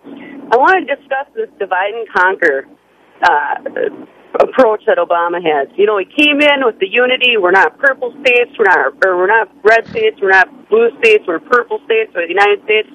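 A woman from Wisconsin calling into a radio talk show, blunt and emphatic, quick to laugh. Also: mid-range voice, lively intonation, fairly bright tone, a little hiss or hum. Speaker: caller. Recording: muffled phone line.

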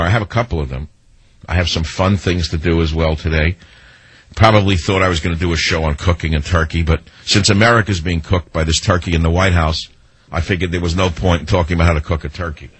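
A man's voice: deep voice, slightly rough, no echo, rough recording. A man hosting a talk radio show, telling sarcastic stories and mimicking the people in them. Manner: sarcastic, storytelling with mimicked quotes. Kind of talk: monologue to listeners.

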